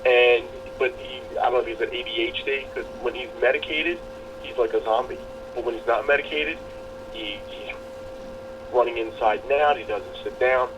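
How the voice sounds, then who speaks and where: A man's voice: mid-range voice, normal speed, dull audio, background noise. A man co-hosting a podcast, telling long casual stories and acting out the people he quotes. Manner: rambling storyteller, acts out quoted people. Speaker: podcast co-host. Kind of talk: casual chat.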